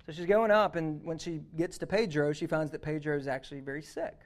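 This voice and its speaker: A man preaching a sermon, telling a story that moves from hushed passages to loud, urgent ones. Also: a little high, steady tone, brisk. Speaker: youth pastor.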